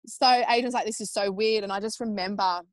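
A woman's voice: mid-range voice, a little fast, dry recording. Chatty Australian woman, dry close sound. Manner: animated, acts out quoted speech in raised voices; chatty with frequent fillers like "like" and "um". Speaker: podcast guest. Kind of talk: casual chat, personal storytelling.

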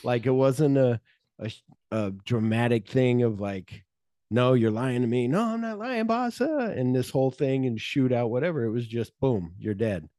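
A man's voice: mid-range voice, normal speed, dark tone, no room sound, clean studio sound. A man co-hosting a casual podcast chat, animatedly retelling a film's scenes, acting out the characters' lines and swearing freely. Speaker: podcast co-host. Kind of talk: casual chat recapping a film.

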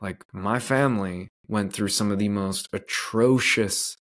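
Earnest low-voiced male podcast host. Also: measured pace, a bit bright. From Canada. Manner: earnest, candid, loose with "like" fillers. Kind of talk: personal storytelling monologue.

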